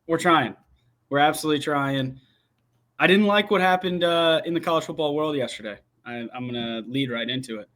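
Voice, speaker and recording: A man's voice: a little high, fairly quick, fairly bright tone. A young man talking college football in a casual, rambling way, restarting his sentences as he builds his opinions. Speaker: guest football commentator. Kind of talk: casual sports talk.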